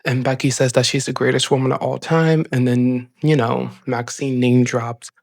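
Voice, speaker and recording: An excitable man runs through a recap at a middling pitch, rambling along and leaning on "like" between thoughts. His voice is close and dry, with no room sound around it. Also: moderate pace, gravelly, dry recording. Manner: chatty, excited, rambling with many "like" fillers. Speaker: show host. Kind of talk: casual wrestling episode recap.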